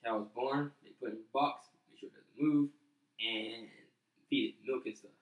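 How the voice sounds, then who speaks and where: A man's voice: medium pitch, normal speed. Reluctant guy telling his story, plain mid voice, sounds far off the mic in an echoey room. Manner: reluctant, flat, a bit defensive. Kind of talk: casual storytelling.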